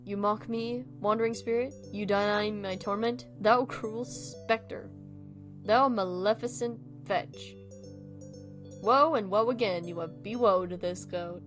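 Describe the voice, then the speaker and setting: A woman's voice: medium pitch, steady tone, a little slow, faint music behind, close to an everyday voice. A woman voicing a mournful, melodramatic goat who speaks in grand, old-fashioned laments. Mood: dramatic. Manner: archaic, theatrical wailing delivery.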